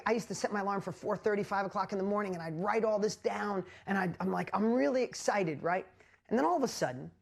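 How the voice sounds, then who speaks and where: A man hosting a live motivational talk, telling his story with animated energy and lots of exclamations, and often asking the audience questions directly. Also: fairly high pitch, vocal fry. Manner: speaks straight to the audience with rhetorical questions. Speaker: host and motivational speaker.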